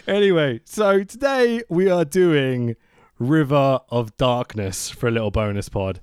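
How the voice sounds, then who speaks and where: A man's voice: medium pitch, expressive, unhurried, a little mellow, smooth, no echo, clean studio sound. A young man hosting a casual podcast chat, talking animatedly, swearing and laughing often. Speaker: podcast host.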